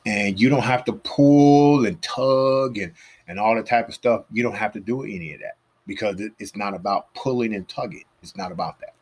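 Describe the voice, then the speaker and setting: Low, husky man telling stories. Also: normal speed. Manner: animated, acts out the people he quotes. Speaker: podcast host giving fitness advice. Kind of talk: casual storytelling monologue.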